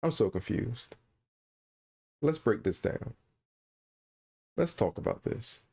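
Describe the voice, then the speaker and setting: A man's voice: medium pitch, slow, creaky, husky. A man co-hosting a podcast in casual chat, ranting with incredulous energy. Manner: animated, incredulous ranting with laughs. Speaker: podcast co-host.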